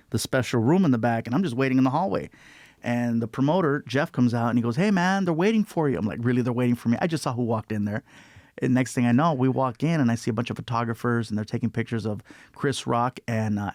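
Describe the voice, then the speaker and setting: A man's voice: mid-range voice, no echo, clean studio sound. A man, a comedian guest, telling a story in casual chat and acting out the other people's lines in put-on voices. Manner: animated, acts out quotes in put-on voices.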